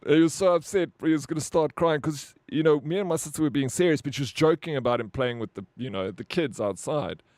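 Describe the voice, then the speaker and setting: A man's voice: on the high side, fairly quick, hardly any pauses, a little mellow, no echo, clean studio sound. A South African man chatting casually to his live-stream viewers, blunt and profane, rambling with lots of "bro".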